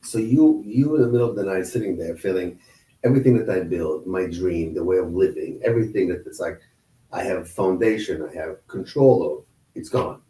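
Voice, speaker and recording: A man interviewing a guest, asking gentle questions and summing up the guest's feelings back to him. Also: low voice, expressive, normal speed, far from the mic. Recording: echoey, off-mic.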